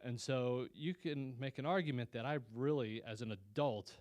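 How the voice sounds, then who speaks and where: A man's voice: mid-range voice, normal speed, darkish tone. A man giving a personal testimony as guest speaker at a Christian lunch meeting, telling his story in an earnest, conversational way with frequent restarts.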